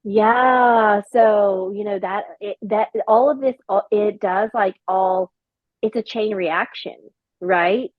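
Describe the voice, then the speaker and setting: Here a woman who works as a flight attendant rambles through a casual podcast chat, leaning heavily on filler words as she tells her stories. She speaks slowly at a medium pitch. The sound is narrow and tinny, without echo.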